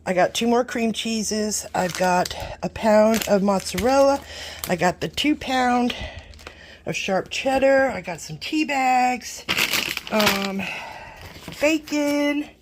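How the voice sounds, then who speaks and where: A woman's voice: on the high side, slow pace. Older woman, chatty, rambling, casual vlog talk, faint hiss behind. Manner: chatty, rambling, self-deprecating. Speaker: vlogger. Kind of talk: casual grocery haul chat.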